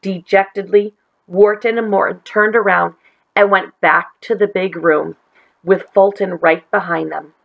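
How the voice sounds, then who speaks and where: Gravelly-voiced woman reading a story. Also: mid-range voice, measured pace, muffled recording. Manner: gentle, expressive storytelling. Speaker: teacher reading aloud. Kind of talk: children's read-aloud.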